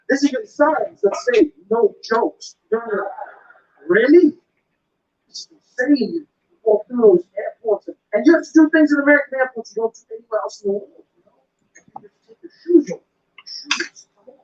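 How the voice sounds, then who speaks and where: A male stand-up comedian performing a routine on stage, acting out voices of shouting officers. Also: extremely high pitch, normal speed, dull audio. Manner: animated, with loud acted-out officer voices.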